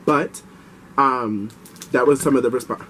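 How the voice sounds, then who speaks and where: A young man vlogging, telling a personal story in a chatty, animated way and giving advice straight to viewers. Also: mid-range voice, measured pace, a little hiss or hum, low-quality recording.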